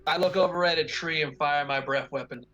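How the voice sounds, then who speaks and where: A man playing a tabletop game who makes dry, teasing remarks in a slightly high voice. His sound comes through a dull lo-fi mic with faint music behind. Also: brisk, fairly bright tone. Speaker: player.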